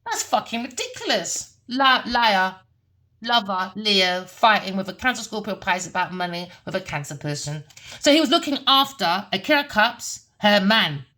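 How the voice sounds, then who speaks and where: A woman's voice: mid-range voice, big pitch swings, normal speed, bright, forceful tone. A woman giving a heated, repetitive tarot reading rant, cursing and scolding. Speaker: tarot reader.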